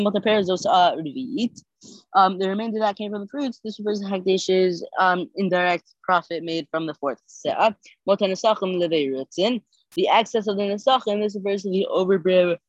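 Sleepy and yawning, this podcast host works through the daily Talmud page, reading and translating each line haltingly with plenty of fillers and self-corrections. The mid-range voice has no room sound, and the audio is lo-fi.

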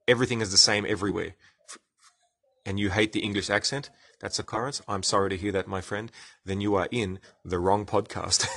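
A man's voice: medium pitch, a bit bright. A man with an Australian accent hosting a casual science podcast, explaining with enthusiasm and chatting with live commenters. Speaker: podcast host.

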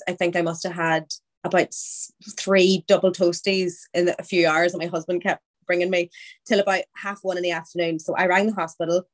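Woman guest, candid chatty storyteller, voice sits a bit low. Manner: candid, chatty, quotes her own thoughts aloud. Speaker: podcast guest telling her birth story. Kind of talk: casual storytelling chat.

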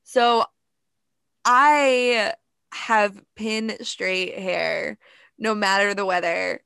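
A woman's voice: medium pitch, steady tone, drawn-out words, gravelly, bright, forceful tone, clear, resonant tone, dry recording, studio quality. A woman co-hosting a casual chat, chatty and laughing often. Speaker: podcast co-host.

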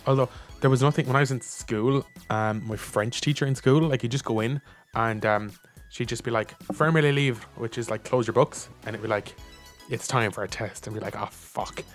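A man's voice: mid-range voice, normal speed, faint music behind. Wry young Irish man, casual chat. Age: young adult. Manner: wry, reads out emails in mock voices.

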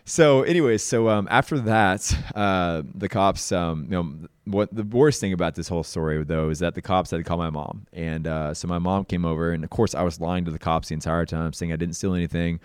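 Low, smooth-voiced man, relaxed and self-deprecating, recounting his past to a podcast audience. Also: fairly quick, few pauses, no echo, studio quality. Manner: laid-back, self-mocking, says "dude" a lot. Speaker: podcast host sharing his testimony. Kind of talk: casual personal storytelling.

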